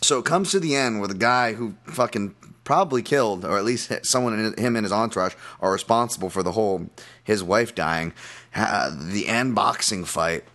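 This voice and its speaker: A man with a fairly low voice hosts a fight podcast in loose, casual talk. He rants with heavy swearing and stumbling restarts. Elsewhere he settles into a steadier, analytical rundown of picks. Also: moderate pace. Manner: profane, animated ranting with many restarts; calmer analytical betting breakdown.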